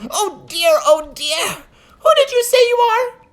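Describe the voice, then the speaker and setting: A woman's voice: very high voice, lively intonation, measured pace, fairly bright tone, voice pushed up, full character voice. A woman voicing a fussy male head elf in a read-aloud storybook, flustered and fretting. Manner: flustered, keeps saying oh dear.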